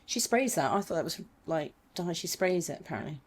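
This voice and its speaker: Casual podcast co-host: woman, lowish voice, chatty storyteller. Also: big pitch swings, brisk, a crowd in the background. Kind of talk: casual chat.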